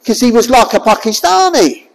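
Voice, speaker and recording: A preacher delivering a sermon, firing rhetorical questions at the listeners and raising the voice to a shout at times. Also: mid-range voice, very animated, normal speed, creaky. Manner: forceful, raises voice to a shout at times. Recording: long hall reverb.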